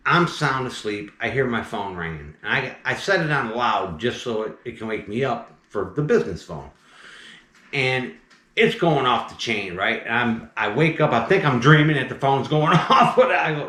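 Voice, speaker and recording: A man with a slight Southern accent who removes snakes, telling a story in a chatty, animated way. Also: medium pitch, moderate pace. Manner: animated, chatty, keeps saying "right?" and "mind you". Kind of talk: casual storytelling. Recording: roomy echo.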